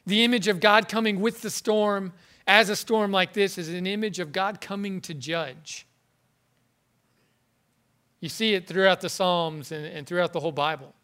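A man preaching a sermon in an earnest, halting way, often repeating words as he goes. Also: high voice, fairly even intonation, bright, forceful tone. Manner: earnest, halting, with frequent word repetitions.

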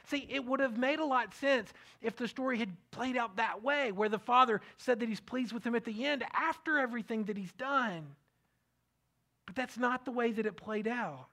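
A middle-aged man preaching a sermon, earnest and repetitive, often dropping his voice to a soft hush. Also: very high voice, normal speed. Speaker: pastor.

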